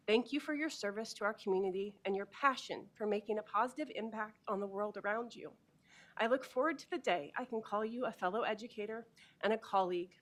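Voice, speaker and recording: A woman's voice: medium pitch, fairly bright tone. A woman reads her prepared remarks at a board meeting. Her delivery is earnest and formal. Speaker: school board member.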